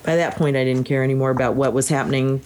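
A woman with a very deep voice talks quickly as a book discussion co-host, chatting casually and reflecting on a story she read. She sometimes reads passages aloud and grows animated when quoting. There's a little hiss or hum on the recording.

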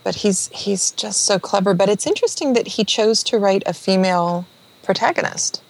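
A woman on a podcast panel, chatting in a thoughtful, halting way. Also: medium pitch, lively intonation, vocal fry, low-quality recording. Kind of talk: casual chat.

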